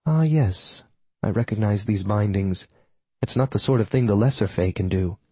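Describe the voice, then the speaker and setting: A man's voice: on the low side, lively intonation, normal speed, mellow, slightly rough, no room sound. A man voicing a cool, imperious female faerie huntress who speaks formally and detachedly, for an audiobook. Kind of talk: audiobook character voice.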